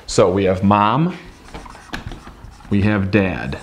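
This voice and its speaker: Man, language teacher, unhurried delivery, upbeat, repeats every word for drilling. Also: fairly low pitch, expressive. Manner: upbeat, drills words slowly with repetition. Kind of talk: classroom-style language lesson.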